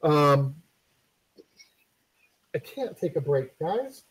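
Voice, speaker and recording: With big pitch swings and a breathy edge, a male game development instructor streams a casual build tutorial in a fairly high register for a man. He's chatty and meandering, full of ums and restarts, with joking asides to viewers. The recording is low quality.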